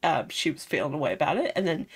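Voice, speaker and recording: A woman's voice: low voice, big pitch swings, fast, husky. A woman casually recapping a video game story, chatty and rambling. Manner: chatty, rambling, lots of fillers. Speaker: game streamer.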